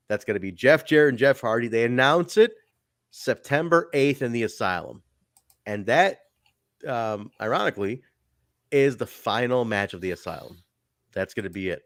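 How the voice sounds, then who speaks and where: A man with a lowish, very lively voice co-hosts a casual podcast. He talks in an animated way, swears and laughs often, and the recording is close and dry. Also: no room sound. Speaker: podcast co-host. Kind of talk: casual chat reviewing wrestling.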